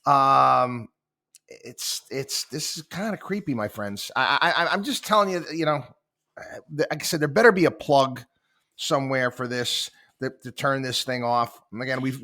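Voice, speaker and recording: A male host giving casual, halting commentary with many fillers and restarts. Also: medium pitch, bright, forceful tone.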